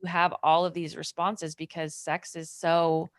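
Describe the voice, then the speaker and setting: A woman's voice: lowish voice, flat delivery, unhurried, dry recording. A woman co-hosting a podcast, chatting casually with many fillers. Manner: rambling, filler-heavy chat. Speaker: podcast co-host. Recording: dry close-mic sound.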